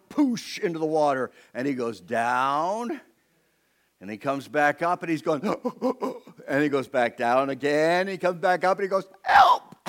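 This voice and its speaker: Storytelling male pastor preaching. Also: on the high side. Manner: storytelling, animated voices for people in his stories. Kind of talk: sermon.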